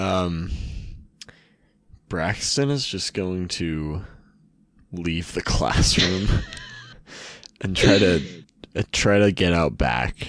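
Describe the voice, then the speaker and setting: A man's voice: sits low, no room sound. A young man playing a tabletop role-playing game, speaking hesitantly with fillers and laughing asides. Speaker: player.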